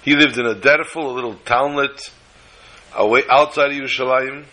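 A man telling a story in a sermon, with an expressive, dramatic delivery. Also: mid-range voice, moderate pace, slight background noise, rough recording.

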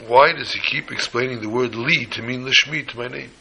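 Gravelly, bright-toned man preaching. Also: brisk, slight background noise, rough recording. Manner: animated storytelling, voices the characters with rising pitch. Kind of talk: Torah sermon with a story.

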